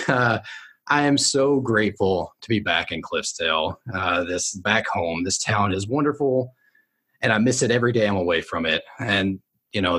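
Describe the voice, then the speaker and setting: A man puts on a nasal woman author, a little higher than his own very deep voice. She talks in a rambling, chatty way, full of fillers and restarts, as she speaks to a crowd in a tabletop game. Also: a bit bright, slightly rough. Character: female novelist back in her hometown.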